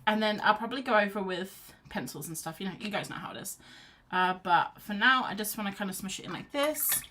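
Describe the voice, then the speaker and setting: A woman's voice: medium pitch, animated, fairly quick, background noise. A woman chatting casually on a live stream as she paints at home, reading out chat messages and cheering herself on. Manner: chatty, reads out chat, rambling and self-encouraging. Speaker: art streamer. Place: home, on a sofa wrapped in a blanket. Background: quiet background music.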